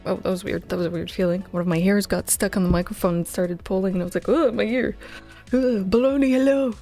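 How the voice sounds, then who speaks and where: A game dev streamer chats casually while livestreaming her coding, close on a headset mic with soft music in the background. Her lowish, darkish voice is flat and racing, and she sounds tired, her talk scattered and self-mocking.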